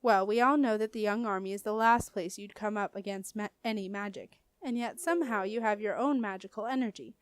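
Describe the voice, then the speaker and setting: A woman reading a storybook and voicing a stern but proud female wizard who speaks crisply and commandingly. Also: medium pitch, fairly quick, hardly any pauses, no room sound, clean studio sound, close to an everyday voice. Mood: probing.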